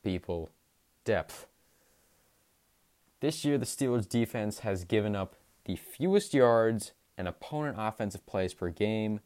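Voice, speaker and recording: A young man with a lowish, darkish voice hosts a sports podcast. He recaps games enthusiastically and emphatically, drawing out his stresses.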